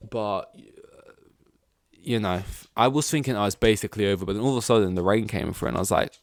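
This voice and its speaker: A man's voice: fairly low pitch, fast talker, no room sound. A man hosting a podcast in casual chat, rambling with lots of fillers and swearing. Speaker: podcast host.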